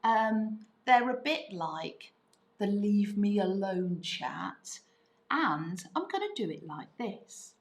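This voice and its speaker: Middle-aged female teacher, animated and unhurried, echoey room sound. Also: mid-range voice, gravelly. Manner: lively, voices quoted parents' phrases. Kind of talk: writing lesson, thinking aloud.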